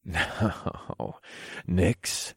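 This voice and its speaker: A man narrates a first-person adult story in a low, commanding way. His voice is very deep and husky. The recording is close and dry, with no room sound. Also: sing-song, extremely slow, fairly bright tone, no room sound.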